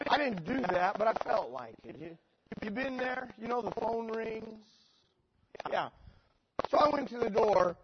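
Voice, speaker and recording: A middle-aged man preaching a sermon through a story, moving between dry sarcasm and loud emotional peaks. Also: high voice. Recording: dull lo-fi sermon recording with noise.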